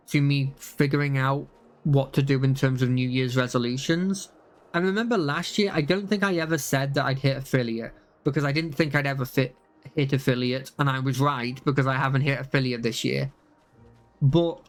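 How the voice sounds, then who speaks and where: A young man chatting casually on a live stream, rambling with many fillers and restarts. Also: mid-range voice.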